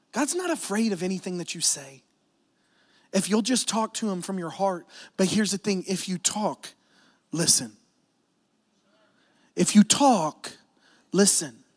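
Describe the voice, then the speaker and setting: A man preaching a sermon as a pastor. He swings from hushed, intimate talk to shouted appeals, telling personal stories with self-deprecating asides. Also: sits high, long reverb tail. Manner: repeats "here's the thing", storytelling with self-deprecating asides.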